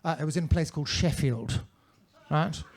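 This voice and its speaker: A man's voice: on the high side, normal speed. A male stand-up comedian performing in a comedy club with a mannered, theatrical, droll delivery into a handheld mic.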